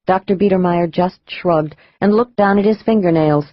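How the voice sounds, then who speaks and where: A man narrating a thriller audiobook in a measured, even manner. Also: sits high, no echo, highs cut off.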